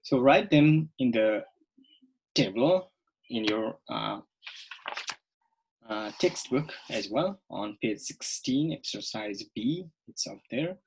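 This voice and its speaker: Husky-voiced man teaching an English lesson. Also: mid-range voice, animated, rough recording. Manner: slow, repetitive, checks in with "okay?". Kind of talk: recorded online English lesson.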